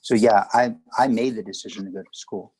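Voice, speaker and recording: A man speaking as a guest at a spiritual gathering, answering questions in a calm, reassuring way. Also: on the low side, a little fast, husky, rough recording. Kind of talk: conversational storytelling.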